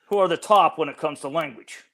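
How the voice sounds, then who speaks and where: Earnest older man explaining, slightly raised pitch. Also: fairly quick, fairly bright tone. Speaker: guest expert. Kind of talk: interview answers.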